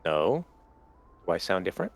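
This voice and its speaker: Sleepy deep-voiced male gamer, dry. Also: sing-song, moderate pace, creaky. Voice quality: deeper than usual. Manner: dry, plays the straight man. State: sleepy, just woke from a nap. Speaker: teammate in the game. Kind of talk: casual gaming chat.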